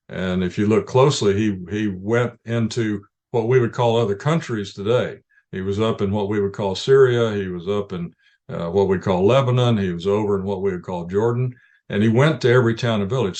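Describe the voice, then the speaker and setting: A man's voice: fairly low pitch, a little mellow. A man, a ministry leader, answering interview questions in an earnest, explanatory way with frequent restarts.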